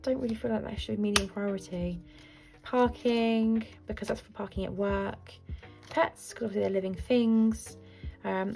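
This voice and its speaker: A woman's voice: mid-range voice, vocal fry, darkish tone. A woman in her thirties, a budgeting vlogger chatting casually to camera in a rambling, self-deprecating way.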